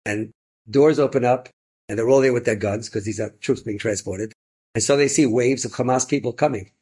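A man, a rabbi, telling inspirational stories in an animated way, with bursts of excited emphasis. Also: medium pitch, breathy edge. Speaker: rabbi and storyteller. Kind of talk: inspirational storytelling talk.

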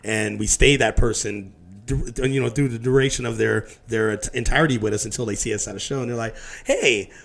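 A middle-aged man talks quickly in a loose, casual chat, jumping into other people's voices as he tells stories. His voice has a gravelly, fry-heavy texture, and he swears freely. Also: medium pitch. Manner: animated storyteller who acts out quotes, swears freely. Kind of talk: casual conversation.

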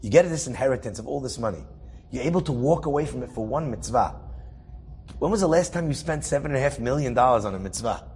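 A man telling a story out loud in a casual, animated way, with fillers and restarts. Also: medium pitch, fast, breathy edge. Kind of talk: spoken storytelling.

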